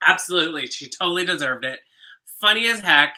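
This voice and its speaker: A man co-hosting a casual drag show review, recapping with animated, giggly energy. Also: fairly high pitch, brisk, low-quality recording. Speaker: drag queen co-host. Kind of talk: casual chat.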